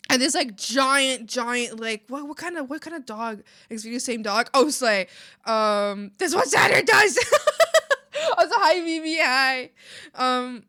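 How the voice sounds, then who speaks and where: A woman streamer chatting casually to her viewers, excitable and rambling, laughing often. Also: fairly high pitch. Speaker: art streamer. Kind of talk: casual live-stream chat.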